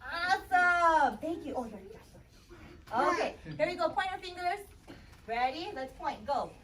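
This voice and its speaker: A young woman teaching kindergarten, upbeat and encouraging, sounding out letters slowly for the children. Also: very high voice, lively intonation, a bit bright. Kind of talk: interactive classroom teaching. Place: kindergarten classroom. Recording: distant, noisy classroom recording.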